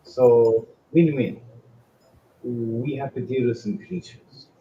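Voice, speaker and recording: A man voicing a brisk, impatient female tiefling cleric who leads her group. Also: mid-range voice, dark tone, reverberant, highs cut off, a little hiss or hum, lightly acted.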